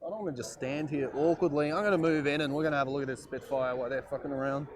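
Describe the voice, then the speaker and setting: A man's voice: a little high, very fast, noisy background. A man live streaming from an outdoor airshow, chatting casually and jokily with lots of fillers. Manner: rambling, joking, lots of fillers.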